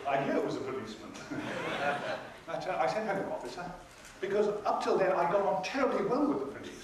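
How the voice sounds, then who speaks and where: A man's voice: sits high, sing-song, fast, crowd noise. Older man telling a theatrical story. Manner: theatrical, wry storytelling, acting out other people's lines. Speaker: convention panel guest. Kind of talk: anecdotal storytelling. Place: convention hall. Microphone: audience recording from far off. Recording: echoey hall recorded from a distance with noise.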